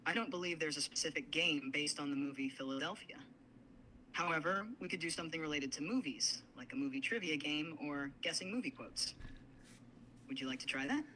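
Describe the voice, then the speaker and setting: A synthetic male assistant voice, pitched a little high and very bright. It answers in a polite, apologetic and formal way, with faint noise in the background. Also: a little fast, rough recording. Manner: apologetic, even-toned and formal.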